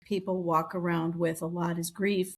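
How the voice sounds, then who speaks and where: A middle-aged woman with a slightly low voice talks through a long anecdote in casual podcast chat. She jumps into the voices of the people she quotes. Her speech runs loose, with restarts and asides. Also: little pitch movement, moderate pace. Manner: chatty storytelling, acts out quoted voices. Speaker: podcast co-host.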